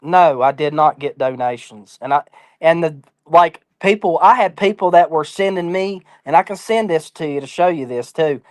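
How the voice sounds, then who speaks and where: A man's voice: on the high side, normal speed, dry recording. A man talking as an interview guest in a casual chat, blunt, defiant and full of swearing.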